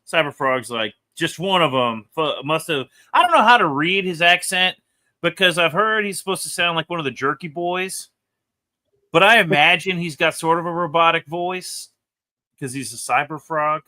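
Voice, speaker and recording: A man reviewing comic books in casual chat, animated and rambling, laughing often as he talks. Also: fairly high pitch, moderate pace.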